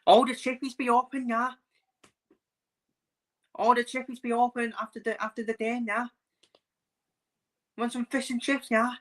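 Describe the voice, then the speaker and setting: A sing-song young Liverpool supporter with a broad Liverpool accent, put on by a man, pitched well up and bright. He tags every line with mate and fumes over the football. The voice rings with a tense, forceful edge. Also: level tone, moderate pace, long pauses. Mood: chirpy. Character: fuming young male Liverpool fan craving chips.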